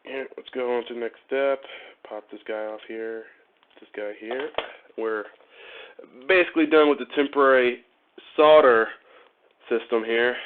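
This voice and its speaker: A man with a clean, steady, medium-pitched voice speaks unhurriedly, pausing often. As a motorcycle vlogger from Ohio, USA, he wires up a motorcycle during a casual live stream, chatting, joking, and laughing often with viewers over phone-like narrow-band audio.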